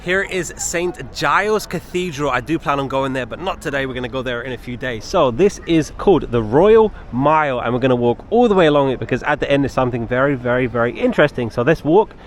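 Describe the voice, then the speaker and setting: A man's voice: mid-range voice, expressive, quick pace, hardly any pauses, slight background noise. A man filming a walking travel vlog outdoors on city streets, chatty and enthusiastic, often exclaiming at what he sees. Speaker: travel vlogger.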